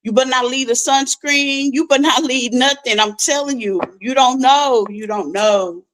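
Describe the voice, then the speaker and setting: A young woman, hosting a tarot channel in casual chat, laughing often and talking in animated slang. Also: high-pitched, moderate pace, low-quality recording. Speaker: tarot reader, channel host.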